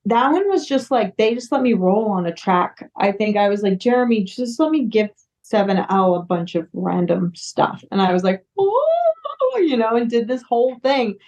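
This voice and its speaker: A woman's voice: medium pitch, normal speed, darkish tone. A woman from the United States, a singer-songwriter, chatting casually as an interview guest, full of fillers and restarts. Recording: dull lo-fi sound.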